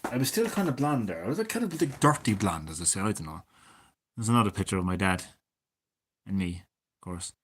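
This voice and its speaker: A man in his thirties, chatting casually and swearing a lot as a gaming streamer, drifting between loud remarks and mumbled asides. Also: on the low side, very animated, brisk, long pauses, slightly rough. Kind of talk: casual rambling commentary.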